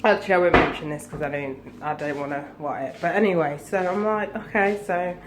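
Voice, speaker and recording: A woman's voice: low voice, fast talker, heavy background noise. A young woman, ranting casually to camera at home in a vlog, swearing often. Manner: swearing, animated, laughing between phrases. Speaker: vlogger.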